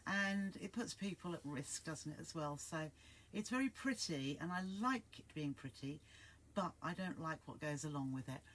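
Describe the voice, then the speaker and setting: A woman's voice: low-pitched, animated, normal speed, fairly bright tone, a little hiss or hum. Chatty woman hosting a sewing livestream. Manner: chatty, greets viewers by name, rambling. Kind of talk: casual livestream chat.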